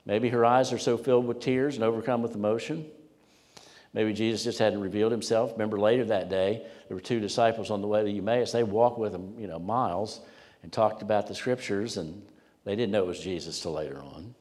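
A male pastor preaching to a congregation in an emphatic, storytelling manner, leaning on repeated words. His voice sits low, and a long reverb fills the church hall around him. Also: a little fast, a little mellow. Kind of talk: sermon.

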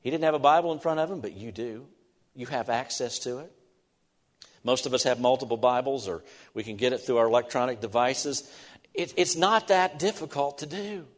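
A man preaching a sermon in a church, earnest and halting, with restarts as he talks. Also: medium pitch. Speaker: pastor. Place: church sanctuary. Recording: long hall reverb.

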